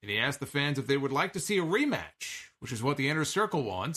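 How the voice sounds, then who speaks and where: A man's voice: medium pitch, big pitch swings, quick pace, a bit bright, slightly rough. A man casually recapping a wrestling show, chatty and sarcastic, swearing now and then. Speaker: wrestling podcast host.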